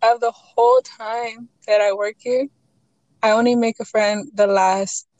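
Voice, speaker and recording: A young woman in casual chat, asking questions and sharing a work story, relaxed and quick to laugh. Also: on the high side, no room sound, poor audio.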